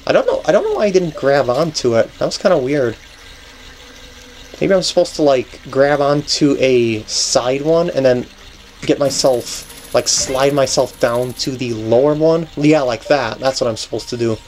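A man's voice: mid-range voice, normal speed, darkish tone. A man hosting a let's play, giving casual gameplay commentary as he thinks aloud, often restarting sentences and chuckling.

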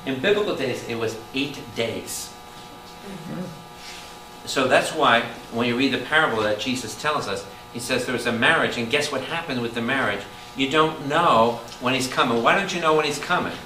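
Priest, lively preacher firing questions at the room, heard from far off in an echoey hall with noise behind him. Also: male voice, medium pitch, normal speed. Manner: animated, calls out questions to the room. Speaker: priest teaching Bible study. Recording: roomy hall taped from a distance with noise.

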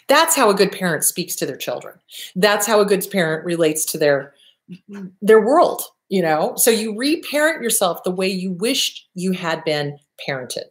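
A woman therapist hosting a show, answering viewer questions in a blunt, animated way, with casual swearing. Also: fairly low pitch, moderate pace.

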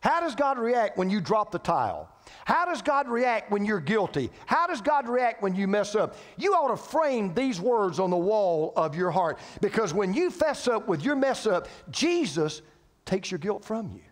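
Emphatic preacher in a big echoing hall. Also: male voice, sits high, big pitch swings, moderate pace. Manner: emphatic preaching with repetition and rhetorical questions. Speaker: pastor. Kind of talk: sermon. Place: church sanctuary. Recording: reverberant church hall.

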